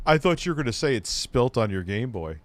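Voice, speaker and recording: A man's voice: mid-range voice, big pitch swings, a little fast, dry recording. A young man in casual chat, telling a loose story with laughter and swearing.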